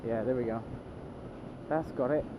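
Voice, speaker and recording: A young man with a mid-range voice speaks at a normal pace in a casual driving vlog, addressing the camera from inside his moving car. He rambles and makes fun of himself with many false starts, over car and road noise, and the audio has its high frequencies cut off.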